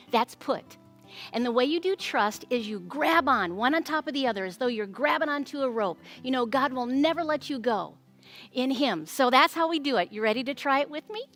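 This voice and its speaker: Woman, high voice, sing-song children's storyteller, animated, faint music behind. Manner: animated, sing-song, talking to young kids. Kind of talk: Bible story time for children.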